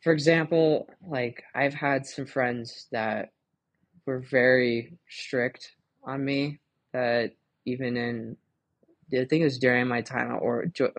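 A man's voice: mid-range voice, steady tone, slow pace, no room sound. A young man hosting a casual devotional podcast, talking and reading Bible verses in a chatty way, laughing often and filling his speech with "like" and "um". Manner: chatty, laughing, full of fillers like "like" and "um". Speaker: podcast host.

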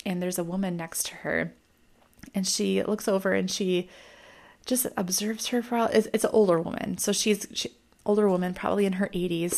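A young woman talks to camera about a film she has seen, in a casual and reflective way, often pausing on "um" and "like" as she gathers her thoughts. Her voice sits a little low, with a gravelly fry running through it. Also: darkish tone. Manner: thoughtful, musing, many ums and likes. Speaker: mom vlogger reviewing a film.

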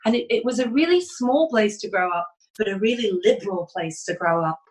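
A woman's voice: medium pitch, expressive, fairly quick, a little mellow, rough recording. A woman from England, chatting as a podcast guest and laughing often. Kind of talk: casual podcast chat.

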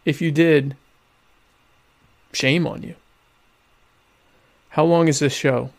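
Deadpan man hosting a rambling live show. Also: on the high side, takes it slowly, vocal fry. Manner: deadpan, mock-pompous humor; rambling, self-interrupting. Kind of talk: casual live-stream chat.

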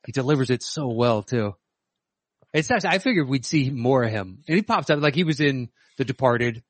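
A man's voice: medium pitch, animated, a little fast, no echo. A man co-hosting a casual podcast chat in an easygoing, rambling way. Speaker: podcast co-host ranking film quotes.

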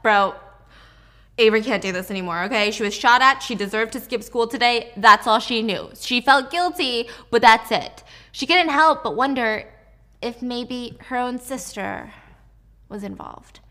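A young woman who makes book recaps retells a novel's plot casually and chattily, full of fillers and slangy asides. Her voice is on the high side and sharp in tone, at a normal speed.

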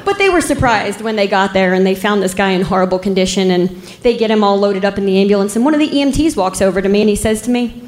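A woman's voice: mid-range voice, a little mellow, a little hiss or hum. Wry woman telling a story, echoey room. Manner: unhurried, wry, laughs at the grim parts. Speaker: police officer telling a story. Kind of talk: casual spoken storytelling. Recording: roomy echo.

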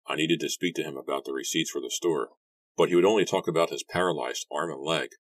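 A brooding young man talks in a subdued, gloomy way, as a man reads him aloud. His voice is very deep and dry. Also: quick pace, no room sound.

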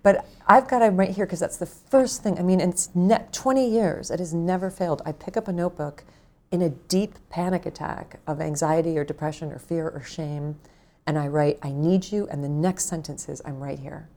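Low-voiced earnest woman author. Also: normal speed. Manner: earnest, warm, gently intimate. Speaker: author guest. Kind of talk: casual conversation.

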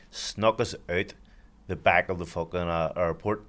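A man's voice: deep voice, fairly even intonation, normal speed, fairly bright tone. A man with a Belfast accent, a podcast guest chatting casually in a blunt, sweary, self-mocking way. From Northern Ireland. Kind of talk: casual chat.

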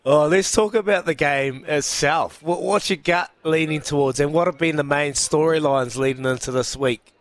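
A man's voice: fairly high pitch, moderate pace, hardly any pauses, no room sound. A man hosting a sports show, asking easygoing questions in casual chat. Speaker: radio show host.

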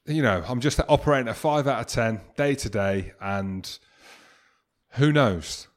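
A man's voice: medium pitch, measured pace. A man from England co-hosting a casual podcast, bantering in a jokey, self-mocking way. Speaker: podcast co-host.

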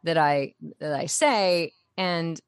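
A woman actress telling a story in a casual interview, animated and laughing as she talks. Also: sits low, slow, clean tone, no echo, studio quality. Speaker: actress guest.

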